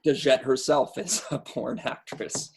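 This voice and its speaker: A man's voice: medium pitch, a little slow, darkish tone, slightly rough. A man on a podcast panel, laid-back and agreeable, adding bits of trivia in casual chat. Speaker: podcast guest.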